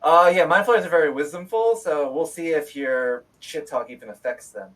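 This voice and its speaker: A man's voice: a little high, moderate pace, a bit bright, distant mic, low-quality recording. A man running a tabletop game as game master, narrating in a loose, joking way and swearing freely.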